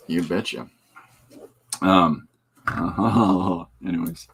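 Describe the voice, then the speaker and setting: A man's voice: fairly low pitch, animated, moderate pace, a little hiss or hum. A man, a comic artist hosting his own show, chatting casually and rambling with jokes and asides as he shows his pages. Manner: rambling, joking, with many fillers and asides. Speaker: comic artist and podcast host. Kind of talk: casual rambling chat while showing artwork.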